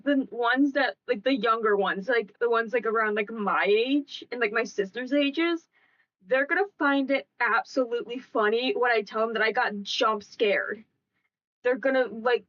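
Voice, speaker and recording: A woman's voice: fairly high pitch, measured pace, a bit bright, highs cut off. A young woman streaming a casual chat, giggling and breaking into laughing fits as she talks.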